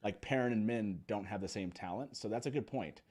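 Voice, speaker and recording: A man hosts a live call-in fan show, chatting casually with quick asides and frequent laughter. His voice sits on the low side, with a darkish, husky tone.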